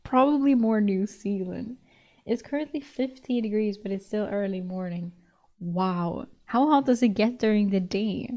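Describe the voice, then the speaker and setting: A woman's voice: mid-range voice, warm tone. A young woman streamer chatting casually with her viewers, laughing often and swearing casually.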